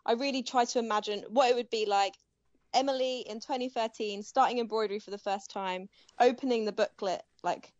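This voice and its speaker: Bubbly young woman, giggly and quick to laugh. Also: on the high side, fairly even intonation, no room sound. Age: young adult. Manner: warm, giggly, many fillers and restarts. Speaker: guest embroidery artist. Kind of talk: casual interview chat. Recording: dull dry home-mic sound.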